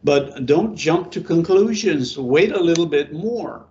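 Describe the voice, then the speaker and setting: A middle-aged pastor giving an informal sermon to a small congregation, talking conversationally, asking them questions and repeating words. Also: male voice, fairly high pitch, expressive, measured pace, a little mellow, lo-fi sound, a little hiss or hum.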